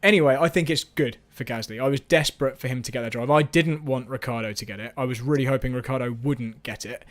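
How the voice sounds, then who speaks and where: A man's voice: medium pitch, fast talker, few pauses. A man hosting a casual live-stream chat, rambling and self-mocking, with frequent restarts. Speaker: host.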